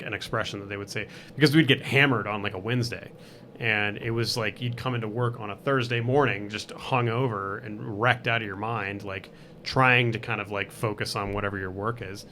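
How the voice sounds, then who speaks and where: A man's voice: on the low side, pushed and bright, slight background noise. A man as a podcast guest in casual chat, rambling with lots of "like" and "um". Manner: rambling, full of fillers like "like" and "um".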